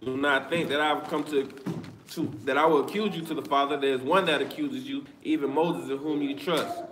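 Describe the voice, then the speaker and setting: A man reading scripture aloud at a steady pace, with small stumbles now and then. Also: mid-range voice, fairly quick, over music. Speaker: scripture reader. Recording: echoey room with clear background noise.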